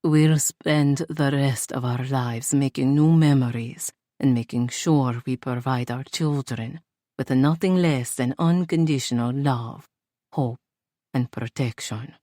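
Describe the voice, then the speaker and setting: A woman reads a tender Italian man in this storybook romance, earnest and devoted, his voice pitched low and unhurried. He speaks in a close, dry sound, with no room around him. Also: dark tone, no echo.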